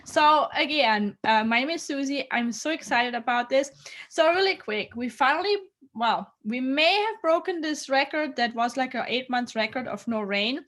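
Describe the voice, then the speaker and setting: A woman hosts a live online event in a casual, chatty way. Her voice sits a little high, and she talks upbeat and loose, with fillers like "um" and "so.". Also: lively intonation, moderate pace, a bit bright. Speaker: host. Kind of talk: casual livestream chat.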